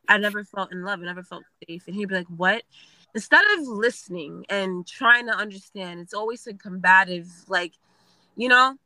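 A young woman tells her story in a blunt, profane, animated way. Her voice is very bright and sharp, recorded dry and close. She talks casually, as if confiding in friends. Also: medium pitch, dry recording, low-quality recording.

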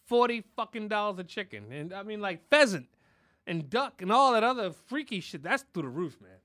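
A man's voice: sits high, very animated, fairly quick, sharp tone. A man hosting a podcast, ranting in casual chat, heated and repetitive, swearing constantly. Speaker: podcast host. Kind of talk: casual profane rant.

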